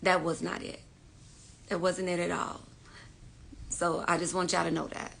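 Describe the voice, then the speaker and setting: A woman hosting a casual live stream, greeting viewers by name and talking with warm, emphatic repetition. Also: fairly low pitch, flat delivery, moderate pace, gravelly, a little hiss or hum.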